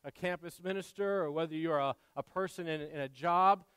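High-voiced pastor preaching. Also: male voice, brisk, clear, resonant tone, dry recording, in a large hall. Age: adult father. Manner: earnest, repeats words, swings between soft asides and loud emphasis. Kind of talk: sermon.

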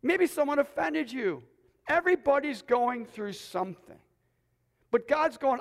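A man preaching a sermon to a congregation in a church, excited and close to yelling as he exhorts his listeners. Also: very high voice, measured pace, gravelly. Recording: long hall reverb.

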